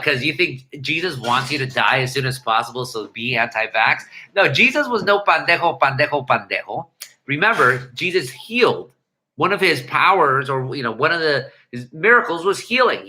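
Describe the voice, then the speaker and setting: A man's voice: medium pitch, bright, forceful tone. A man hosting a livestream, chatting casually and irreverently with viewers, swearing often and rambling through restarts. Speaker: livestream host.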